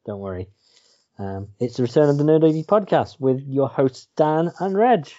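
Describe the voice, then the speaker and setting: A man's voice: mid-range voice, animated, moderate pace, mellow, highs cut off. A man co-hosting a podcast, teasing his partner dryly and steering the chat. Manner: dry, teasing, steering the talk. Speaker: podcast co-host. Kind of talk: casual podcast banter.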